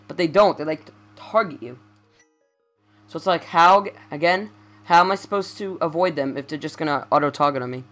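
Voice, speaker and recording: A man's voice: fairly high pitch, normal speed, fairly bright tone, soft background music. A young man giving casual let's play commentary, rambling and stammering as he corrects himself.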